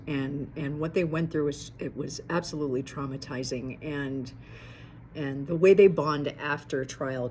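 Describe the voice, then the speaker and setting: A woman with a lowish voice vents to her channel's viewers in a loose, rambling monologue. She swears freely and restarts her sentences as she works through her frustration. The talk stays casual and unscripted throughout. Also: a little mellow, a little hiss or hum. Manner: rambling and profane, with frequent restarts. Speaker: YouTube commentator. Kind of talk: casual venting monologue to camera.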